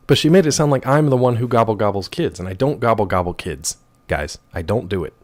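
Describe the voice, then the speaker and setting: A man in his thirties chatting casually with his stream viewers, rambling and wry, with a rough throat. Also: lowish voice. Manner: rambling, wry, reacts to chat messages.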